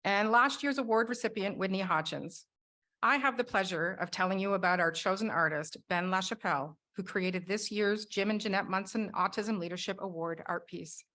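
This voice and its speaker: A woman on an award selection team presenting prepared remarks in a measured, read-aloud manner. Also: medium pitch, pushed and bright.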